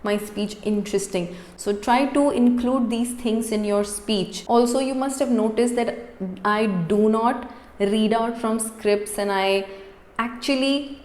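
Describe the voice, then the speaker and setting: A woman's voice: fairly high pitch, a little mellow. A woman giving an unscripted spoken lesson as a cabin crew coach, stressing chosen words as she explains. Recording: echoey room with long reverb.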